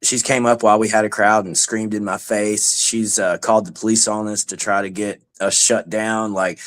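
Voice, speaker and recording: A man's voice: medium pitch, fairly bright tone. A man telling street stories in casual chat, swaggering and profane. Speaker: street banjo busker.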